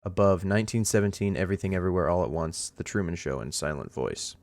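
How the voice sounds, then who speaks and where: A laid-back young man co-hosting a casual podcast, speaking evenly with frequent ums and uhs. His voice sits a little low. The recording is dry and close. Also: no echo. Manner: laid-back, even-toned, fills pauses with um and uh. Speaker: podcast co-host. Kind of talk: casual chat.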